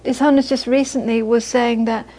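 This woman's voice is fairly high, mellow, level in tone, and a little fast, captured on a low-quality recording. She's a Buddhist teacher delivering a casual, conversational dharma talk to listeners, laughing frequently and repeating phrases to stress her points.

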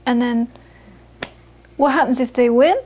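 A middle-aged-sounding woman gives a relaxed, informal dharma talk with anecdotes, speaking a little slowly in a high, light voice. Her stories come out chatty, and she often restarts and repeats words.

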